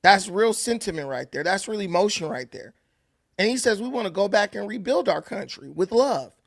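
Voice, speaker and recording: A man's voice: sits high, animated, moderate pace, vocal fry, dry recording, studio quality. A man delivering opinion commentary in an emphatic, sarcastic, ranting way. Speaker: political commentator.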